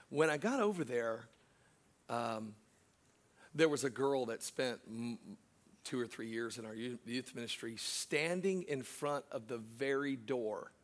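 Storytelling male pastor, loud then hushed. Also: mid-range voice. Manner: storytelling, swings from loud and laughing to hushed and slow. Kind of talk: sermon with personal story.

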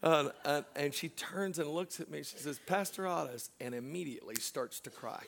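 A middle-aged man, a pastor, preaching a sermon through a personal story, swinging from loud laughing asides to hushed, slow moments. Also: a little high, creaky, a little hiss or hum.

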